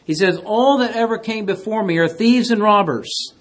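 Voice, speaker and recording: Male preacher, fairly high voice, emphatic sermon delivery, loud declarations dropping to hushed asides. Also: moderate pace. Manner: reads scripture in King James wording.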